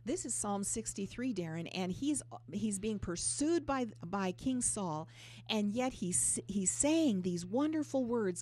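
A woman's voice: medium pitch, animated, a little slow, warm tone. Earnest woman teaching scripture. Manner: earnest, explains scripture verse by verse. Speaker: Bible teacher co-host. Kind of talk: Bible teaching talk.

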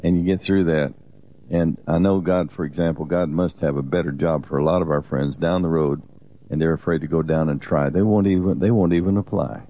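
A man's voice: extremely low pitch, fairly even intonation, a little fast, phone-quality sound. A man co-hosting a Christian teaching program, talking earnestly in a conversational, exhorting way, often restarting his sentences.

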